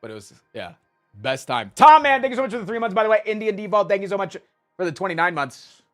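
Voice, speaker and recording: A fast-talking man with a high-sitting voice is livestreaming, with faint music playing behind him. In casual conversation he spins animated, profanity-heavy stories and reads chat messages aloud, answering them as he goes.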